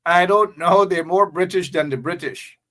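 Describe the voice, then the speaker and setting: A man's voice: sits high, moderate pace, a bit bright. A man with a Guyanese accent hosting a live talk show, chatting to viewers in a sarcastic, joking way.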